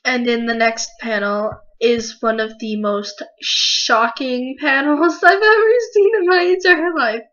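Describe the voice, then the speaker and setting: A woman reviewing a manga chapter in a casual video, emotional and excitable, swearing freely. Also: fairly high pitch, unhurried, few pauses. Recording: dull lo-fi recording.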